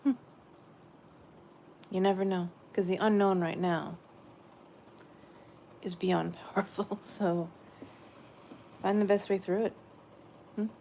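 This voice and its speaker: A woman giving a gentle, meandering spiritual message she says she is channeling, often repeating her phrases. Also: mid-range voice, fairly even intonation, takes it slowly, vocal fry, pauses often, slight background noise.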